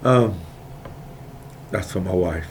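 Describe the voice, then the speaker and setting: Man, lowish voice, heated digressive rant to camera, faint hiss behind. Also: slow. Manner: heated, digressive, repeats himself, swings between quiet and loud. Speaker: video maker airing grievances. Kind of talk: impassioned ranting monologue.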